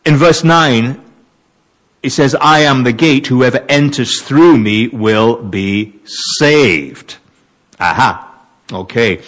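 A man's voice: medium pitch, a little slow. A man preaching a sermon, reading verses and wondering aloud over their meaning. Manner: animated, wondering aloud, mixes reading with asides.

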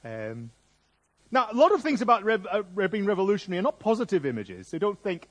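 A middle-aged man preaching a sermon in a jokey, conversational, lively way. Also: high voice, fairly quick.

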